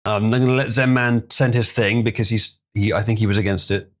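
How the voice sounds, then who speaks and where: A man's voice: fairly low pitch, steady tone, fairly quick, a bit bright. A man casually chatting on a live stream, reading hard terms aloud and stumbling over some words.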